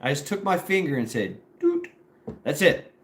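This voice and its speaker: A man's voice: on the high side, big pitch swings, a little fast, fairly bright tone. Ex marine guy telling a story live, rambly, swears a lot, tons of fillers. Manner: rambling, profane, filler-heavy.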